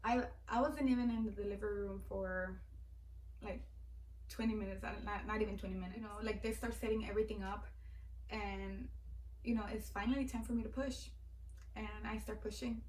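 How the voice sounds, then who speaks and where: A woman's voice: mid-range voice, fairly even intonation, brisk, a little mellow, roomy sound, slight background noise. Young woman vlogger, emotional, filler-heavy storytelling, recorded from a distance. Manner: filler-heavy, heartfelt, repeats "like". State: teary-eyed. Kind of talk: personal storytelling.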